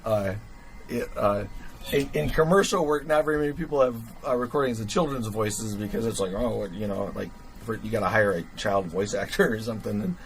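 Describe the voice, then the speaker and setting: A man's voice: on the low side, brisk, slight background noise, poor audio. A man hosting a livestream, thinking aloud with lots of fillers while he tinkers with gear. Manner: thinks aloud with many fillers, chuckles at himself. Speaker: livestream host. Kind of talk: rambling casual livestream chat.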